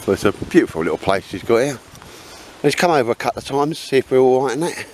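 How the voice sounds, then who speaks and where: Man, middle-aged, joking casual chat, lively swooping voice, camera mic outdoors, wind and rain behind. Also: mid-range voice, quick pace. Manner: chatty, jokey banter, calls everyone mate and sir. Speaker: vlogger filming a camping trip. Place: windy, rainy campsite outdoors.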